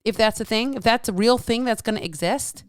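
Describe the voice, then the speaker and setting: A woman's voice: a little high, a little fast, clear, resonant tone, no room sound, clean studio sound. Blunt, profane woman podcast host. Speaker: fitness coach and podcast host. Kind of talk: solo podcast rant.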